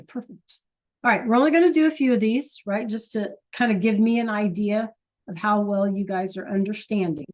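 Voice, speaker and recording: Over a computer mic, a woman with a medium-pitched, somewhat dark voice teaches an online Spanish class. She is patient and encouraging, asking her students one question after another.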